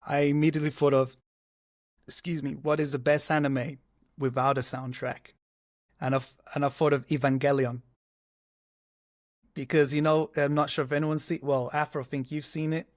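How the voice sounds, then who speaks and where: A man who grew up in Portugal and England, telling stories in a lively, animated way with stumbling restarts over a video call. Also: a little high, normal speed, long pauses, dry recording, clean studio sound. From Portugal, moved to England. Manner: animated storyteller, stumbles on starts. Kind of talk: casual video-call chat.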